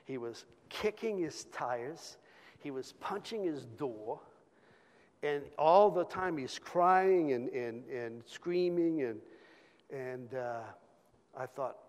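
A man telling a personal testimony in an informal sermon, halting with repeated words and fillers. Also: mid-range voice, expressive, big-room sound. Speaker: church speaker sharing a testimony.

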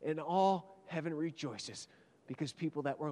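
A man preaching a sermon with dramatic storytelling, swinging between loud emphatic peaks and hushed, almost whispered lines. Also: fairly high pitch, normal speed, a little hiss or hum. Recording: long hall reverb.

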